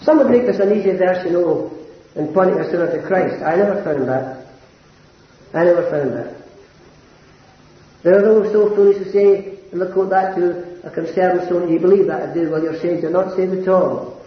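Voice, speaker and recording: Elderly preacher, high and earnest. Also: male voice, normal speed. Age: older. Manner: earnest, climbs to high impassioned emphasis. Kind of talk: sermon. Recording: roomy, dull lo-fi sermon recording.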